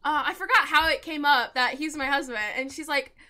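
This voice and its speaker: A woman's voice: high-pitched, brisk, pushed and bright. A young woman streaming a game, chatting to viewers in a giggly, rambling way and telling stories. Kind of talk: casual live-stream chat while gaming.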